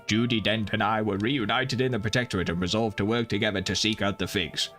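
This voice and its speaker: A man reading the lines of a smooth-talking male traitor figure from a game, in a measured, courtly manner and a lowered voice. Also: steady tone, a bit bright, faint music behind, close to an everyday voice. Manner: formal, measured, courtly delivery. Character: sly male celestial apprentice-master, smooth-talking traitor.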